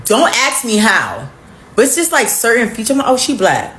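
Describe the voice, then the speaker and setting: A woman's voice: on the high side, huge pitch swings, normal speed, a bit bright, slight background noise. A woman musing aloud in a chatty, casual talk to the camera. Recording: echoey room with faint ambience.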